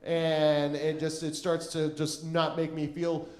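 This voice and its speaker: A man on a comedy club stage tells a story in a rambling, self-mocking way, stumbling over restarts and filling gaps with "like." His voice sits a bit high for a man, and the sound rings around the room. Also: completely flat delivery, slow pace, reverberant. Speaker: stand-up comedian. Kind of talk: stand-up storytelling.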